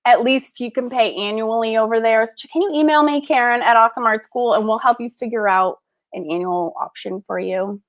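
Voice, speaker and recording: A woman's voice: on the high side, fairly quick. A woman hosting a casual livestream, unboxing art books and gushing with gasps and laughs. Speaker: art school host.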